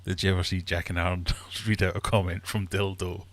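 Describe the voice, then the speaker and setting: A man hosting a casual livestream from his fish room, chatty and quick to laugh while telling jokes. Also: low-pitched, level tone, a bit bright. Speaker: livestream host.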